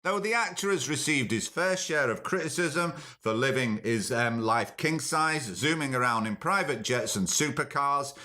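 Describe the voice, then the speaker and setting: A man's voice: mid-range voice, animated, moderate pace, few pauses, bright, forceful tone. A man hosting a comic podcast, chatting in a dry, jokey way and interrupting himself as he reads out news. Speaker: podcast host. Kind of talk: comic monologue and phone bit.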